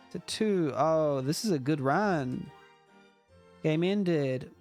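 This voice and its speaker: A man's voice: a little high, takes it slowly, a little mellow, faint music behind. A man judging a game jam entry on a livestream, talking casually and reacting aloud to each guess as he plays. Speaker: game jam judge and streamer. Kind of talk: casual let's-play commentary.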